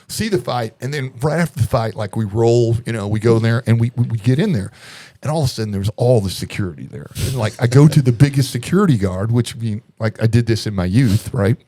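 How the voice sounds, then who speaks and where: Animated man telling a story. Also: medium pitch, a little fast. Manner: animated storyteller acting out quoted voices, laughs often. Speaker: podcast guest. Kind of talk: casual storytelling.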